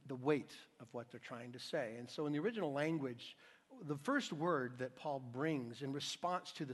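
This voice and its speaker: A man preaching in a church with a fairly high voice. He is emphatic and swings between hushed, quiet passages and loud ones. The sound rings out with a long reverb from the hall. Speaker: pastor. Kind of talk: sermon. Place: church sanctuary.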